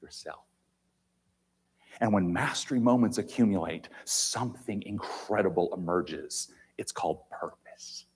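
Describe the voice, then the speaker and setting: Husky man giving an emphatic stage talk. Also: on the low side. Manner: emphatic, dramatic shifts between loud and quiet. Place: large auditorium.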